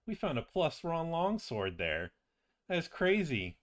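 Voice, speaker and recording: A chatty male wizard in a tabletop game who rambles eagerly and lifts his pitch as he gets excited, with a man voicing him. He tumbles from one thought into the next. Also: slow, exaggerated voice.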